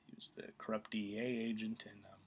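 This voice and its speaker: A man's voice: lowish voice, little pitch movement, quick pace, slightly rough, highs cut off. A man talking casually to camera about his favorite actor, rambling with many fillers and restarts. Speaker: film vlogger. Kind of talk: casual opinion talk.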